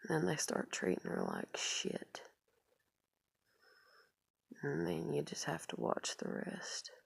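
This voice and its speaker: A woman's voice: deep voice, creaky, breathy edge, dry recording. A woman talking in a rambling confessional vlog, full of fillers and trailing off into whispered asides. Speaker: vlogger.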